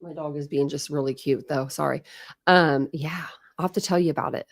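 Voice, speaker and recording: A woman's voice: low-pitched, steady tone, brisk, no echo, studio quality. Chatty woman hosting a home livestream. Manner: chatty, laughing, greeting viewers by name. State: out of breath. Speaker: livestream host. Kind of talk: casual livestream chat. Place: home room with dogs.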